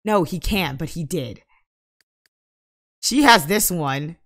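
A woman's voice: fairly low pitch, lively intonation, slow, fairly bright tone. A young woman casually commenting on her life-simulation gameplay, chatty and mock-exasperated with her characters. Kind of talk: casual let's-play commentary.

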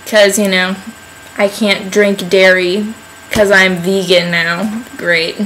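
A woman's voice: mid-range voice, little pitch movement, slow, a bit bright, slight background noise, low-quality recording. A young woman vlogging to camera at home in a rambling, chatty way, filling her talk with "like". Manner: rambling, chatty, heavy use of "like". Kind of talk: casual vlog chat to camera.

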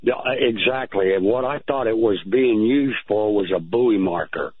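A man calling into a radio show, telling his story in a halting way and repeating words. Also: lowish voice, husky, no echo. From United States. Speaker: caller. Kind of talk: phone-in account. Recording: tinny phone line.

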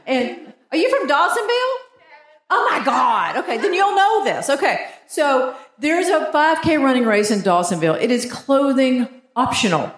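A woman's voice: sits high, moderate pace. A woman in her fifties with a Southern US accent, telling self-mocking stories on stage as a stand-up comedian. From Georgia, US. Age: 50s. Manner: animated storytelling, self-mocking. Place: theater stage before a live audience. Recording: echoey theater with audience noise.

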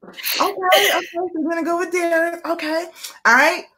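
A woman's voice: extremely high pitch, fairly even intonation, moderate pace, pushed and bright. A woman from Atlanta with a Southern accent, hosting a casual interview, playful and laughing often. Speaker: host.

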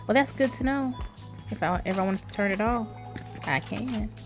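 A woman hosting her gaming channel, giving excitable live commentary as she plays, exclaiming and talking to the game in casual, Southern-flavored speech. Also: mid-range voice, moderate pace. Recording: game music playing loudly behind.

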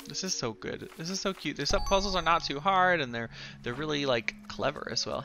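A man giving excited, giggly let's play commentary while thinking aloud through a puzzle game. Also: fairly high pitch, moderate pace, vocal fry, slight background noise. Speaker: gamer playing a video game.

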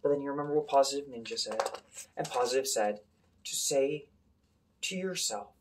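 Reading a picture book to his class and leading a calming breathing exercise, this male teacher speaks in a mid-range voice at a moderate pace. He stays gentle and encouraging, frequently dropping to a soft whisper, against a noisy background.

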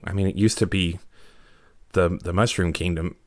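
A man voicing a young princess during a tabletop role-play, speaking in a halting, soft-spoken way. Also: sits low, steady tone, no room sound, clean studio sound, pitched below the performer's own voice, close to an everyday voice. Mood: uncertain. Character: young woman princess, worried and apologetic.

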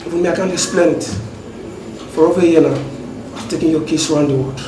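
An actor playing an apologetic doctor who explains a diagnosis in a measured way. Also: male voice, on the high side, steady tone, roomy sound, recorded from a distance, noisy background, lightly acted. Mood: explaining. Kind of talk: Nollywood film acting.

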